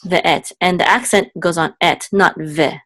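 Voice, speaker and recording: A Hebrew cantillation teacher works one-on-one with a student, patiently and casually explaining step by step and checking in often. Her fairly bright voice keeps a fairly even intonation, and she sings example syllables higher and slower; the recording is dry.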